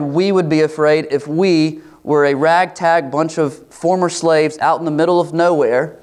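This is a pastor's expository sermon, moving through a passage of scripture. He has a somewhat high male voice and shifts into animated, higher-pitched tones whenever he performs a quote.

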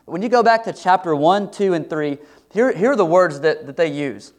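Earnest preaching man, slightly high voice. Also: lively intonation, moderate pace. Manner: earnest, rising to emphatic questions. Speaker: pastor. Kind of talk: sermon.

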